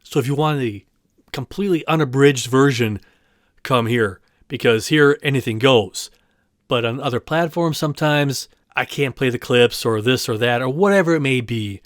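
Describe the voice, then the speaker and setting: A man talks through his solo podcast in a loose, rambling way. He pokes fun at himself as he goes, and his voice sits at an ordinary middle pitch. The recording is dry and close, with no room sound. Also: normal speed, dry recording. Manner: chatty, rambling, self-deprecating, friendly. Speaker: podcast host. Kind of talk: casual solo podcast talk.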